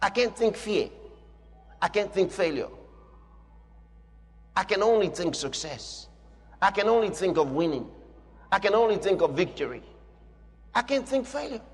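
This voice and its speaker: High-pitched man preaching emphatically. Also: lively intonation, moderate pace, pauses often, big-room sound. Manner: emphatic, repetitive declarations. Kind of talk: sermon.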